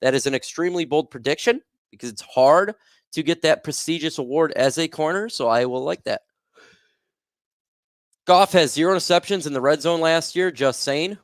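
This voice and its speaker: A man's voice: a little high, moderate pace, no room sound, studio quality. A young man hosting a casual sports livestream, reading viewer comments aloud and reacting in a loose, filler-heavy way. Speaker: livestream host.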